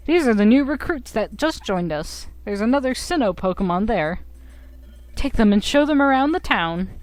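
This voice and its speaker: A woman's voice: fairly high pitch, expressive, normal speed, no room sound, natural voice, poor audio. A woman doing a bossy bird guild officer. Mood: officious. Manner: officious, lecturing.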